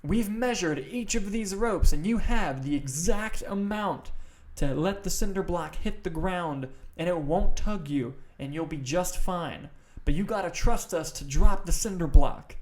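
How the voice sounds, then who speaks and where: Guy putting on a frat leader, mock-solemn, slow drawn-out speech, a bit higher than his own voice. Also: expressive, darkish tone. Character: adult male frat leader giving a mock-serious speech.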